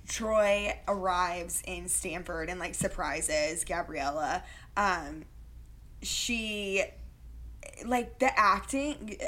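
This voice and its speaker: A woman's voice: mid-range voice, a bit bright. Chatty young woman full of fillers. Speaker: podcast co-host. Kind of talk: casual chat recapping a movie.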